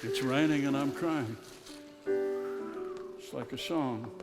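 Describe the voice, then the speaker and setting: A man playing a bashful, earnest northern suitor in a live radio comedy sketch, talking in a mild, hesitant, deadpan way. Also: medium pitch, slow pace, over loud music. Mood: hapless. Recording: live stage with audience.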